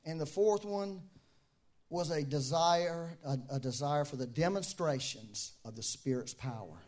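A man's voice: a little high, unhurried, darkish tone. A man preaching an informal, conversational sermon, often repeating his key phrases for emphasis.

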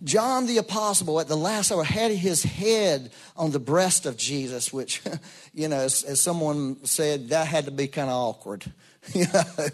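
A middle-aged pastor with a slightly high voice preaches at a moderate pace. His sermon is folksy and story-driven, and he animates the quoted voices as he acts them out.

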